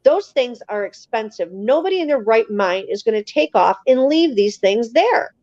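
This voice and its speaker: A woman appearing as a guest on a live show tells her story in a casual, animated, emphatic way, acting out the voices of the people in it. Her pitch is fairly high and her speed normal, and the recording has no echo but its highs are cut off.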